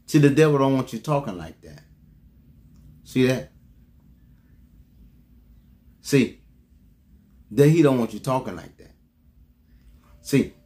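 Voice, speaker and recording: A man preaching a sermon who repeats his key lines, calls out to the congregation for a response, and makes sudden leaps in pitch for emphasis. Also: darkish tone.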